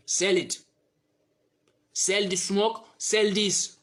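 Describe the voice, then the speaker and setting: A man from West Africa speaks in a high register, driving each point home with blunt repetition. His delivery is fiery and preacher-like, swinging between loud outbursts and low, pressing phrases. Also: unhurried, long pauses. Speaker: activist commentator. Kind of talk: impassioned monologue.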